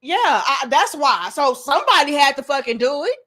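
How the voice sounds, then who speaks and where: Blunt, high-voiced woman ranting. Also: big pitch swings, moderate pace, fairly bright tone. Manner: blunt and profane, slips into mocking quoted voices. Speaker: commentary channel host. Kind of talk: opinionated monologue to camera.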